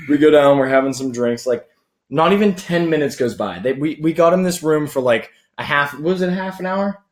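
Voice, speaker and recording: A young man rambles through a crude party story, animated and loose. His voice sits a touch high for a man. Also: brisk. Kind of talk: casual chat.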